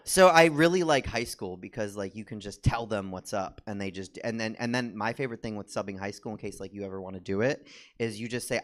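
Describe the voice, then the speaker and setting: A man's voice: on the low side, brisk. Rambling young man doing stand-up. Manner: rambling, filler-heavy with constant "like". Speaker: stand-up comedian and drag performer. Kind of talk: stand-up comedy set. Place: comedy theater stage.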